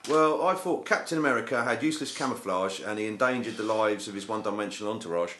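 Man, casual podcast chat, lowish voice, loose and sweary. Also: fast, a bit bright, slight background noise. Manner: laid-back, swears, trails off with ums. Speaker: podcast co-host.

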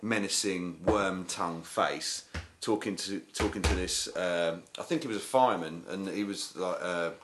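Brief: man, very low voice, dry sardonic storyteller, podcast co-host. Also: moderate pace, few pauses, noisy background. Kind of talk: casual chat.

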